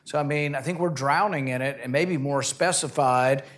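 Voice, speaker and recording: A man's voice: medium pitch, moderate pace, fairly bright tone. Direct, argumentative man on a panel. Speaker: senator. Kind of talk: panel discussion.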